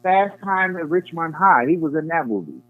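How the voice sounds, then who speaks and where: A man co-hosting a casual chat about movies, relaxed and teasing, calling in over a phone line. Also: on the high side, moderate pace. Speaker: co-host. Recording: dry tinny phone line.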